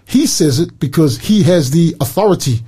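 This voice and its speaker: Earnest New man, radio Bible teacher, husky and mellow, fairly high voice. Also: moderate pace. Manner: earnest and animated, quotes scripture with emphasis. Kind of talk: Bible study chat on Christian radio.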